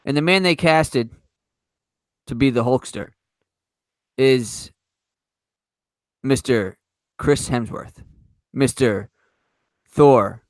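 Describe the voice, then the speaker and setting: A man hosting a casual podcast, swearing often and talking in halting bursts. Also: medium pitch, no room sound. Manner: swears a lot, halting with restarts. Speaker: podcast host.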